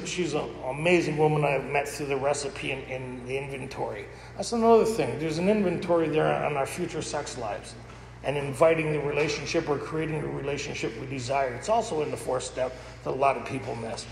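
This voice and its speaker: This recovery-gathering speaker has a creaky, medium-pitched voice and shares personal stories with candor and humor, frequently breaking into laughter. Background noise is present, and the hall is echoey with a long reverb.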